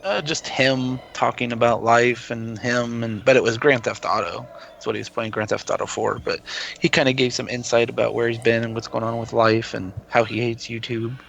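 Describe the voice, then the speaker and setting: A man's voice: medium pitch, fairly even intonation, moderate pace, vocal fry, fairly bright tone, a little hiss or hum, rough recording. A man chatting with friends over voice chat during a game, rambling loosely and swearing casually. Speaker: gaming friend.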